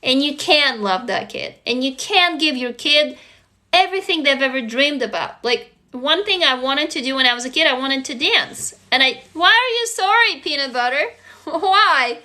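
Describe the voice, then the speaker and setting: A woman with a high, bright voice hosts a casual livestream from her phone. She talks earnestly and with feeling, straight to her viewers, with the odd curse word. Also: lively intonation, normal speed. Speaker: livestream host. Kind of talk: casual self-help livestream talk.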